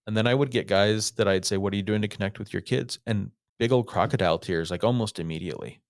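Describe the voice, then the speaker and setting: A middle-aged man, a podcast guest, telling stories in a lively way and acting out what people said. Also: lowish voice, fast talker, dry recording, studio quality. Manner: animated storyteller, acts out quotes. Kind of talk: casual storytelling interview.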